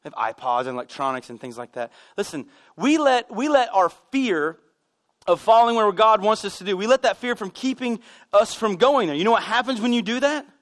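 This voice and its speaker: A man preaching a sermon as pastor, telling animated stories with self-deprecating humor. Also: sits high, brisk. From United States. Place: church sanctuary.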